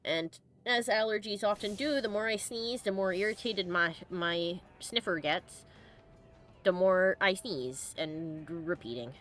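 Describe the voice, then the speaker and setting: A woman's voice: mid-range voice, unhurried, a bit bright, faint music behind. A sniffly woman hosting a let's play, chatting in a bubbly, giggly way with her viewers over gameplay. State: sniffly, congested. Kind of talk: casual gameplay commentary.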